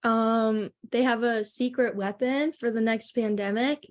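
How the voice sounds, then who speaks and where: A woman's voice: fairly high pitch, fairly even intonation, a little slow. A young woman, a student, presenting her project in class in a casual way, full of fillers.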